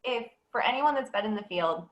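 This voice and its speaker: A woman speaking as a guest in a casual podcast conversation, bubbly and quick to laugh. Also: a little high, lively intonation, lo-fi sound.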